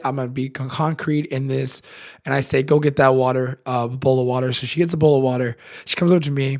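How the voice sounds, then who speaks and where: A young man casually telling a personal story in slangy speech full of fillers, swinging between loud excitement and hushed tones. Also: mid-range voice, a little fast. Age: young adult. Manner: animated, slangy, many fillers. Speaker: podcast contributor.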